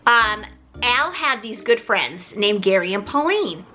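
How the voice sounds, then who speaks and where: A middle-aged woman telling a story in a casual, animated way, often talking straight to the viewers. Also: medium pitch, unhurried, faint music behind. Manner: animated, chatty, keeps addressing viewers. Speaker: mother telling her story.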